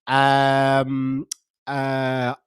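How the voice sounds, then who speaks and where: A middle-aged Irish man hosts a livestream, casually rambling and joking as he reads viewer comments aloud. His mid-range voice is clear and resonant, with a completely flat delivery and drawn-out words, recorded in clean studio sound with no room sound.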